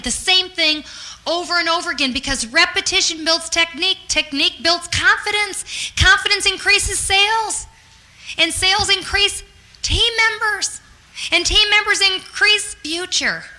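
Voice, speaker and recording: A woman's voice: very high voice, pushed and bright, rough recording. A woman giving a motivational sales training talk in an upbeat, earnest and encouraging way.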